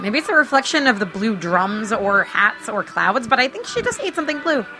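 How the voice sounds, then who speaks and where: A woman chatting casually as she watches a movie with a friend, sarcastic and quick to joke. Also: on the high side, big pitch swings, music in the background, poor audio. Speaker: co-host.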